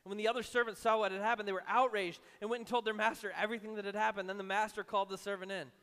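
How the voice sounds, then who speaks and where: High-voiced conversational preacher in a hall. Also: male voice, fairly even intonation, racing, few pauses. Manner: conversational, acts out imagined voices, drops low and soft for emphasis. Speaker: pastor. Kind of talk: sermon.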